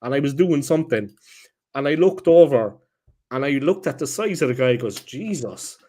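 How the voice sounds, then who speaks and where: A man, co-hosting a casual football chat and telling lively stories, often checking in with "yeah?". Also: mid-range voice, moderate pace. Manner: animated anecdote teller, checks in with "yeah?". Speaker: co-host.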